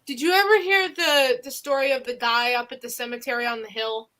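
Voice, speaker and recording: A woman with a Northeastern Pennsylvania accent tells local ghost stories on a podcast. Her high, bright voice runs on through loose, rambling sentences full of fillers and restarts. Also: fairly even intonation, fairly quick. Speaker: podcast host. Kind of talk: casual ghost-story chat.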